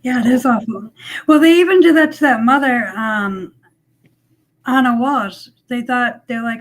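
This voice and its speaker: A woman's voice: fairly high pitch, a little slow. A woman in a casual group chat, talking in a chatty, sympathetic way.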